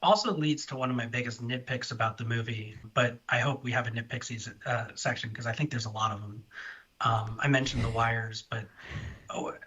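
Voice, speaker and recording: Guy rambling on a podcast, bright edgy voice, kinda dull lo-fi sound. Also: medium pitch, steady tone, brisk, slightly rough. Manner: chatty, rambling with restarts. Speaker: podcast guest. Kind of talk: casual film chat.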